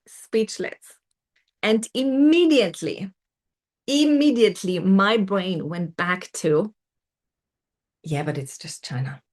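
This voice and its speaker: A middle-aged woman tells a personal story as a coach and host, animated, repeating words for emphasis and acting out her inner voice. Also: on the low side. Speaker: self-development coach and host.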